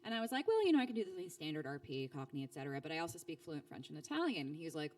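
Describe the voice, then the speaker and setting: This voice actor guest, a woman in her thirties, races along with hardly any pauses while recorded at a distance. Chatty and animated, she keeps restarting and using fillers as she tells stories in a relaxed interview, performing quoted speech with sharp pitch leaps.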